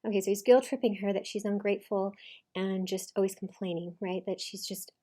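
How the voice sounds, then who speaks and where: A woman commenting casually on a video she is reacting to, repeating lines back and picking them apart with lively emphasis. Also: medium pitch, a little fast.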